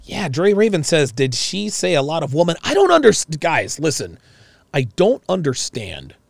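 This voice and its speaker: A man doing live reaction commentary in a gravelly voice with a lively, swooping pitch. He sounds incredulous and mocking as he talks over a clip and reads chat aloud. The sound is dry and close. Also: normal speed, dry recording.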